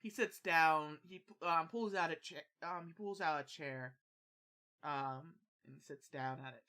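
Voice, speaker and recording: A man runs a tabletop game, narrating scenes in a halting, stop-start way. His voice has a bright, clear tone. He fills gaps with "like" and "um" as he builds the story. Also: fairly high pitch. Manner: halting, full of restarts and "like". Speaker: game master.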